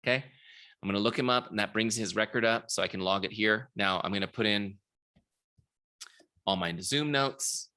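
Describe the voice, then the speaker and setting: A man's voice: fairly low pitch, moderate pace, long pauses, sharp tone. A man leading an online sales training, telling stories with acted-out dialogue and often checking in with his listeners over a video call. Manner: storytelling, acts out quoted dialogue, checks in with the audience. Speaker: software founder giving a sales training. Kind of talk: live online training talk.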